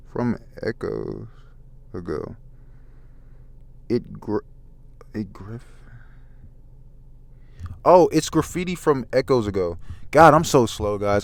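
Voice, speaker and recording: A man in a soft-spoken ASMR comic review, reading haltingly, stumbling over words and apologizing. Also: mid-range voice, creaky, no echo. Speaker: ASMR manga reader.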